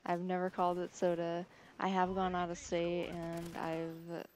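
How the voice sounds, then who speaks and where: Speaking in a completely flat, darkish voice on the low side, this young vlogger chats to camera in a casual way. Her Michigan accent shows in nasal short O sounds, and her rapid speech blurs together, peppered with "like".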